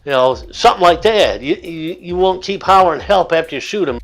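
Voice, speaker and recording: A man's voice: a little high, lively intonation, brisk. An older man giving rambling, argumentative commentary in his own vlog. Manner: rambling, argumentative, acts out yelling. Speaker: vlogger. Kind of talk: opinionated commentary.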